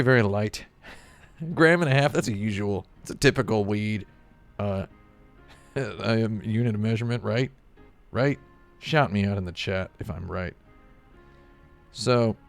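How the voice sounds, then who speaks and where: A man streaming live, chatting casually and rambling with jokey asides to his chat. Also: on the low side.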